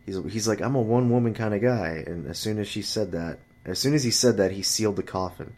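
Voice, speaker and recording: A man's voice: fast, a little mellow. A man ranting casually about his friends and dating, swearing often and jumping his voice up to mimic other people. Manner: profane, exasperated storytelling; jumps high to mimic chatty friends and women. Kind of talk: casual rant.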